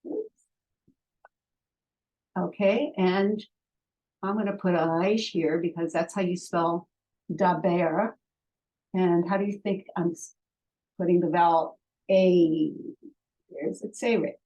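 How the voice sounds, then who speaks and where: Slow, patient woman teaching Hebrew. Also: lowish voice, fairly even intonation, dark tone, lo-fi sound. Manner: slow, patient, sounds out syllables for learners to repeat. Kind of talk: online language lesson.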